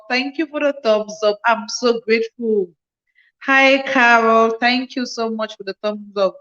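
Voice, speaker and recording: A woman's voice: fairly high pitch, measured pace, a bit bright, highs cut off. A woman hosting a casual livestream, tired after a night shift, repeating thanks and greetings to viewers as they join. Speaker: livestream host. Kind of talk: casual live-stream chat greeting viewers. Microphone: phone.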